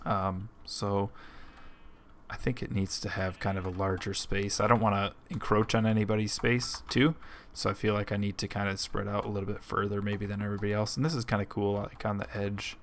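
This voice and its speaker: A young man talks through his game in a loose, rambling way, with lots of ums as he thinks out loud. His voice sits a little low and he is fighting the hiccups. Keys clatter on a keyboard behind him. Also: little pitch movement, a little fast, slight background noise. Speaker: let's play host. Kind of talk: casual gameplay commentary.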